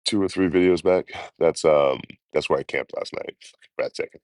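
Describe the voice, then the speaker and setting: A man's voice: low voice, moderate pace, darkish tone, clear, resonant tone, dry recording. A man, chatting casually and profanely on a travel live stream, laughing often. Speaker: travel vlogger.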